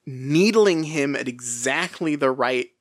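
A podcast co-host in casual book chat, talking in an animated way with lots of laughter, fillers and restarts. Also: medium pitch, slow, dry recording, studio quality.

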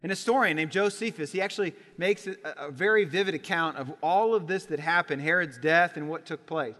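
A man preaching a sermon in a church, telling a Bible story with lively acted-out voices. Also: fairly high pitch, brisk. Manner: animated storytelling, acts out voices in quotes. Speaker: pastor. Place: church sanctuary. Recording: church sanctuary with long reverb.

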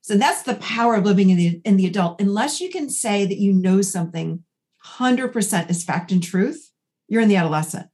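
Woman, 40s, therapist guest; animated, conversational storyteller. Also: medium pitch, a little fast. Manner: animated storyteller acting out dialogue. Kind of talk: conversational podcast interview.

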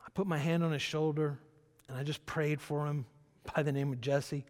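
A man's voice: on the high side, steady tone, moderate pace, darkish tone, long reverb tail. A man preaching a sermon, telling a personal story in a loose, conversational way with many restarts and fillers. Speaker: pastor.

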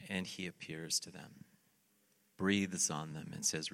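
A male pastor preaching a sermon, telling the story in an animated way and acting out the quotes. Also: extremely low pitch, slow pace, vocal fry, in a large hall.

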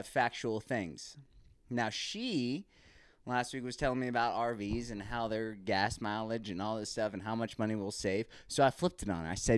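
A man's voice: mid-range voice, no room sound. A man hosting his own podcast, telling a candid, rambling story about home life in a casual monologue. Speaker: podcast host. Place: Texas, recorded live.

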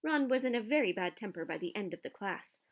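Woman audiobook narrator, mid-pitched, expressive storyteller. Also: fast.

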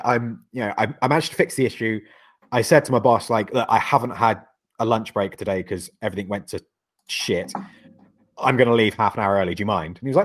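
A UK man co-hosting a podcast tells a rambling, sweary story in casual chat, laughing frequently. His voice is fairly low-pitched, and he talks a little fast.

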